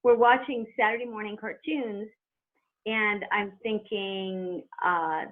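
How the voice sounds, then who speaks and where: A woman's voice: medium pitch, takes it slowly. Middle-aged woman chatting away on a phone line, telling stories, laughs a lot. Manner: chatty, animated storyteller who laughs as she talks. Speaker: guest, former wrestler. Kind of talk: telling a story in an interview.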